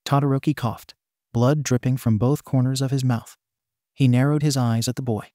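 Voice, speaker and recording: Man narrating fan fiction, mellow voice. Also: mid-range voice, fairly even intonation, moderate pace, no echo, clean studio sound.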